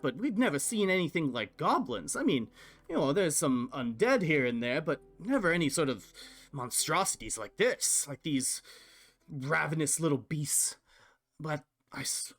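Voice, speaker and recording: Man voicing a bird-folk townsman, earnest, pleading, a touch higher than usual. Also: expressive, normal speed, a bit bright, soft background music. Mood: worried.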